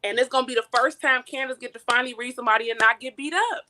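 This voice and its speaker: A woman's voice: sits high, very fast, bright, forceful tone. A woman calling into a live show, chatting in a playful, gossipy way. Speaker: caller. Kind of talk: casual call-in chat.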